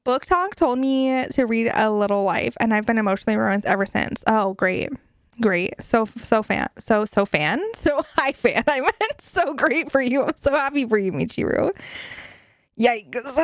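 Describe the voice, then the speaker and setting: Giggly woman streamer, slightly high. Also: lively intonation, unhurried, no room sound, clean studio sound. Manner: giggly, swears casually, chatty and playful. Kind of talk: casual chat with viewers.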